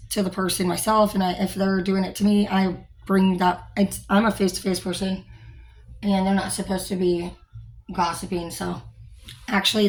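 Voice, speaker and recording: A woman's voice: medium pitch, darkish tone. Rambling young woman in casual chat. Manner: rambling, frank, with frequent fillers and mild swearing. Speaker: store manager.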